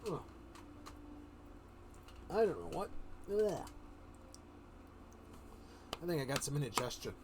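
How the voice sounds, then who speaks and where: A man casually reading a comic story aloud to a live stream, with relaxed, chuckling asides. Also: fairly high pitch, slow, long pauses, a little hiss or hum. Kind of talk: casual read-aloud narration.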